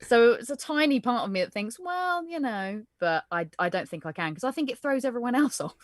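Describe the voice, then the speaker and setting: Rp-speaking essex actress on a video call, polished, self-mocking, dry mic. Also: female voice, a little high, expressive, fast, no echo. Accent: trained Received Pronunciation. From South Essex, England. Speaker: actor and guest. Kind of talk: casual chat.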